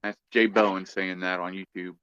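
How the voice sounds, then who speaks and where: A man's voice: low voice, little pitch movement, moderate pace, a bit bright, clear, resonant tone, dry recording, dull audio. A man hosting a casual livestream chat, easygoing and chatty, reading out viewer comments. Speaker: livestream host.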